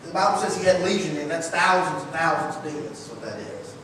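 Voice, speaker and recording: A man preaching a sermon in a folksy, energetic way, full of rhetorical questions, in a church sanctuary. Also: a little high, fast, a crowd in the background. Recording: echoey church hall, distant mic.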